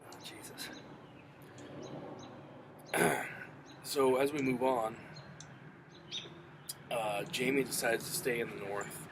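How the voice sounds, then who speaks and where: A man's voice: mid-range voice, slow, pauses often, background noise. A man recapping a TV episode in a loose, profane, filler-heavy way. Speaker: show reviewer.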